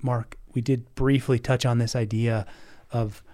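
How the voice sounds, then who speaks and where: A man's voice: mid-range voice, level tone, measured pace, dark tone. A man guesting on a podcast, chatting casually, laughing often and poking fun at himself, sometimes stumbling and repeating words. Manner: laughs often, self-deprecating. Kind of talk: casual chat.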